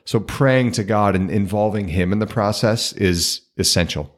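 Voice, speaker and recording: A man co-hosting a faith podcast, laying out steps toward forgiveness in a measured, teacherly way. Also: fairly low pitch. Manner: measured, teacherly, gently emphatic. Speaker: podcast co-host. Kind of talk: reflective teaching in conversation.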